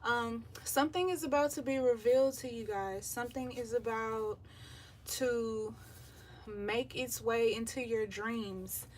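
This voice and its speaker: A woman giving a live tarot reading in a relaxed, chatty way with lots of filler ums, out of breath as she talks. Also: fairly high pitch, measured pace. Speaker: tarot reader. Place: home by the beach, windows open. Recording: voice a bit far from the mic, faint surf noise. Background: faint beach waves.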